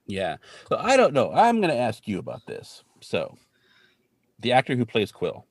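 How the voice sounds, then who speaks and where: A man co-hosting a podcast, recapping a TV episode in a chatty, animated way full of asides. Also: medium pitch, moderate pace, no echo, clean studio sound. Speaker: podcast co-host. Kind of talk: casual chat recapping a TV episode.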